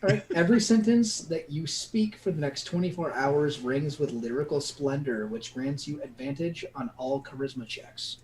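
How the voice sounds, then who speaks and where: A man running a tabletop game as game master, relaxed and laughing often. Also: on the high side, normal speed, slight background noise, low-quality recording.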